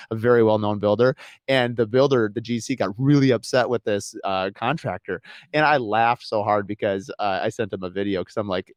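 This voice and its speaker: Fast-talking builder guest, man, low voice, lively storyteller, dry studio mic. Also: dry recording. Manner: fast, animated anecdotes with laughs. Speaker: custom home builder, podcast guest. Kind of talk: casual storytelling chat.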